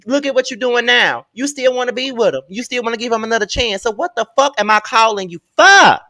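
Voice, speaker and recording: A woman's voice: fairly high pitch, animated, brisk, pushed and bright, no room sound, studio quality. A woman on a reality TV panel show, ranting in heated casual commentary and swearing freely. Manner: profane, ranting, fired up.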